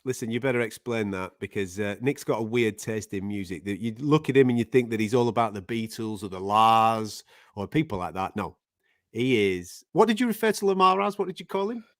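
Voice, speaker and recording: A man's voice: fairly low pitch, animated, brisk, dry recording, clean studio sound. A man with a Mancunian accent hosting a live show, talking in casual, laddish banter. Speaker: host.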